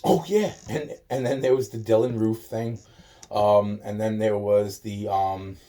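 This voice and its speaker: A man's voice: on the low side, a little slow, dark tone, slight background noise. A man delivering a rambling, agitated monologue, swearing constantly and repeating himself. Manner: profane, agitated, repetitive ranting.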